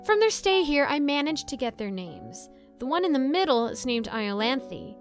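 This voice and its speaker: A woman with a somewhat high voice narrates a spooky diner tale in a casual, chatty manner. She wanders into side remarks easily. Music plays steadily behind her. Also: very animated, moderate pace. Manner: chatty and rambling, with asides and laughs. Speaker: storyteller. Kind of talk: casual first-person story narration. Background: soft background music.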